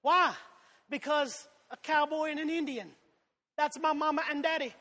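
High-pitched Southern preacher with a drawl. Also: male voice, steady tone, moderate pace, slight background noise. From Georgia, US. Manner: fiery preaching, swings between loud shouts and soft asides. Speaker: pastor. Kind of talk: sermon. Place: church sanctuary. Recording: long hall reverb.

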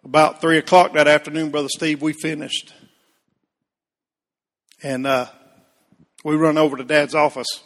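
Preacher with ringing church reverb. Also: male voice, a little high, level tone, normal speed, pauses often, a bit bright. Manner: folksy, addresses congregation members by name. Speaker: Baptist pastor. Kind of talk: storytelling sermon.

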